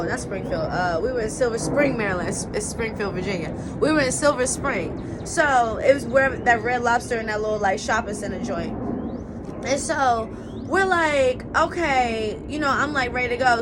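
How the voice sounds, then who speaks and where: A woman's voice: fairly high pitch, heavy background noise. A young woman telling a personal story in a casual, slangy style, full of "like" and "you know what I'm saying.". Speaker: storyteller vlogger.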